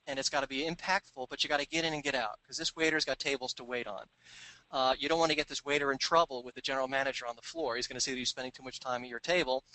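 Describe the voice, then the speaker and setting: A middle-aged man giving a business talk, telling stories and acting out the dialogue in quick voices. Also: medium pitch, bright, forceful tone, no room sound, low-quality recording. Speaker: business speaker. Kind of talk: recorded seminar talk.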